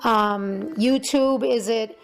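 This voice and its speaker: A woman's voice: on the high side, takes it slowly, vocal fry. A woman hosting an interview show, chatting casually with many fillers and restarts.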